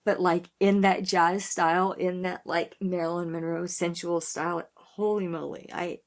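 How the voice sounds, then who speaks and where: A reaction channel host, a woman in her thirties, chats casually and effusively about music, filling her talk with "like." Her voice sits on the low side, with a level tone and moderate pace.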